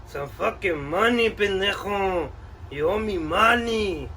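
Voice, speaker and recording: A man's voice: very high voice, fairly even intonation, normal speed, bright, forceful tone, recorded from a distance, slight background noise, pitched above the performer's own voice, heavily acted. A man voicing a tough male street-gang tax collector in a comedy sketch, talking streetwise and dropping Spanish slang. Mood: menacing.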